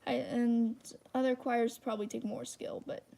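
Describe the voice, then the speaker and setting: A teenage girl with a high-pitched voice, rambling and self-deprecating in casual livestream chat while she draws. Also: flat delivery, normal speed, vocal fry, dark tone. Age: teens. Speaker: channel host.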